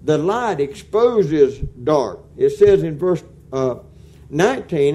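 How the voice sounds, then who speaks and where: A man, preaching a sermon in a folksy, animated way that rises to loud emphatic peaks. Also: fairly high pitch, slow pace, muffled recording.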